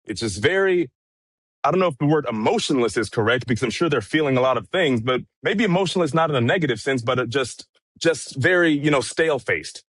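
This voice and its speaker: A man giving a casual, measured account of a day in court, recounting events with frequent fillers. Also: medium pitch, lively intonation, a bit bright, husky, no echo. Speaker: courtroom correspondent. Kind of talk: casual commentary chat.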